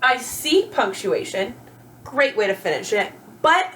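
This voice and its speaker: A woman's voice: on the high side, takes it slowly, a little hiss or hum, rough recording. A woman teacher giving a grammar lesson to children, encouraging and asking questions as she goes. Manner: animated, encouraging, asks rhetorical questions.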